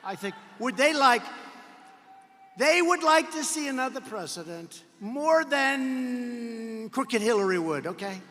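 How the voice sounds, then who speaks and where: A man works a rally crowd in a high, forceful voice, boasting, repeating himself and tossing off mocking asides. He breaks into shouts now and then. His words ring out with the long reverb of a large indoor arena. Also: expressive, takes it slowly, slight background noise. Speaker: politician addressing a campaign rally. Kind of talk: rally speech.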